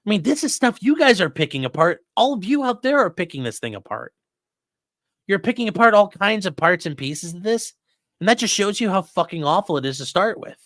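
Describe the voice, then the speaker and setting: A man's voice: sits high, sing-song, a little fast, fairly bright tone, dry recording, clean studio sound. A man hosting a live stream, giving blunt, profane, mocking commentary to his chat. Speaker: streaming host.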